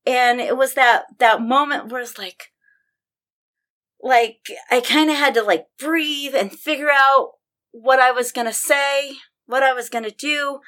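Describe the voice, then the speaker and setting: A woman's voice: high-pitched, measured pace, a bit bright. A woman in casual conversation, telling a personal story with passion and vivid detail. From Denver. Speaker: podcast guest storyteller.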